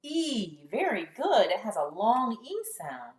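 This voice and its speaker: Woman teacher for little kids, slow deliberate phonics drill, animated praise, roomy echo. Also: fairly high pitch. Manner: slow, exaggerated sound-by-sound modeling with lively praise. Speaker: kindergarten teacher. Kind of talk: phonics lesson for young children.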